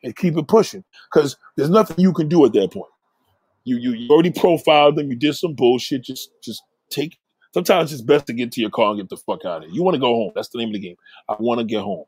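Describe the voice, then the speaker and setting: A man's voice: medium pitch, expressive, quick pace, a little mellow, husky, no echo. A man talking straight into the camera, blunt and profane, rambling as he gives advice. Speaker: vlogger giving advice. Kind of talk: casual monologue.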